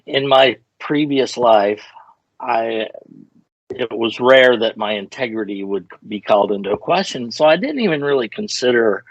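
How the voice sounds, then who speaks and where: A man's voice: mid-range voice, lively intonation, a little slow, no room sound. An older man, a retired fighter pilot, telling stories in a casual interview and wandering off on tangents with self-deprecating humor. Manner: rambling, self-deprecating, digressive. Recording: muffled lo-fi audio.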